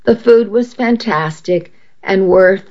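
A woman narrating a first-person story in a measured, steady reading, on a dull lo-fi recording. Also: medium pitch.

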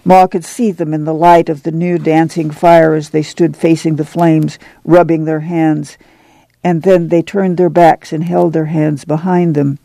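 A man narrating an audiobook in a measured, even storytelling manner. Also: fairly high pitch, gravelly, no echo.

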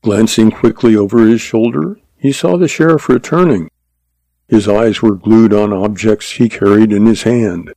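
Male narrator for a Western audiobook; dark, mellow tone, dry close sound. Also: on the low side, normal speed, no echo.

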